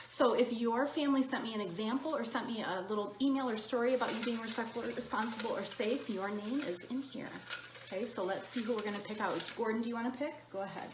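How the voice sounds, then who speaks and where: A woman's voice: on the high side, a little hiss or hum. Woman, school announcements host, cheerful, echoey room. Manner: cheerful, encouraging, talks to a companion.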